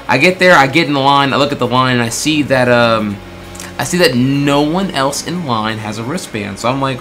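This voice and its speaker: A man tells a story in a loose, animated way, swearing freely and acting out what people said to him. His voice is bright and tense, and faint music plays underneath. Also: medium pitch, brisk. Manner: animated, swears a lot, lots of filler words; acts out quoted exchanges in bursts. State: throat getting tired. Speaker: streamer telling a story. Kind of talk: casual storytelling.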